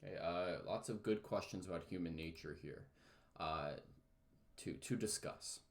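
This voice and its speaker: A man's voice: low-pitched, normal speed. A man teaching a recorded online lesson in a casual, chatty way, with lots of fillers and jokes at his own expense. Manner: chatty, many fillers, self-mocking jokes.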